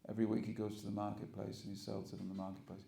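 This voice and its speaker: A man's voice: on the low side, very fast, creaky, reverberant. A man preaching to a congregation, telling stories and acting out the characters. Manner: animated storyteller acting out characters. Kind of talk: storytelling sermon. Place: temple hall with audience.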